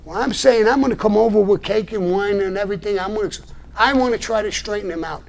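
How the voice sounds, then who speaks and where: An older man holds forth on a live stream, cursing freely and pushing back hard at a critic. His voice sits somewhat high for a man, and his delivery is blunt and combative, broken by short gruff laughs. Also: quick pace. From New York. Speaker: live show host answering viewer messages. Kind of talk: blunt livestream monologue.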